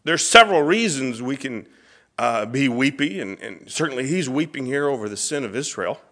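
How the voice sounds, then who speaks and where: Middle-aged man, pastor; crisp bright tone; reads scripture then preaches with feeling, clearing his throat now and then. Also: mid-range voice, lively intonation, normal speed. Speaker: pastor teaching a church class. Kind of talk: sermon with scripture reading. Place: church room.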